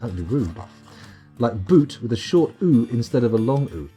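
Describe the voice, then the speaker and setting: A man's voice: on the low side, big pitch swings, moderate pace, dark tone, faint music behind. A young man chatting casually while streaming a game, rambling, swearing and reading chat aloud.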